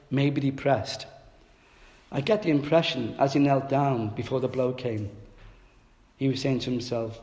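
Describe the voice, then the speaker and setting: Preacher in an echoey hall. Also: male voice, mid-range voice. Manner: lively storytelling, self-mocking humor. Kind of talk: sermon with humorous personal anecdote. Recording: echoey hall with long reverb.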